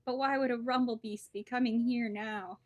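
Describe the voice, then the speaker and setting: A woman's voice: fairly even intonation, moderate pace, a little mellow, dull audio, close to an everyday voice. A woman voicing an anxious, fretful male snake in a storybook reading, in a raised, worried voice. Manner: worried, pleading, higher than her usual voice.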